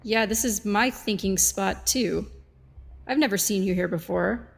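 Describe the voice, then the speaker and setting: A woman playing a tabletop game, relaxed and casual, thinking aloud about her character's moves. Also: medium pitch, measured pace, creaky. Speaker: player.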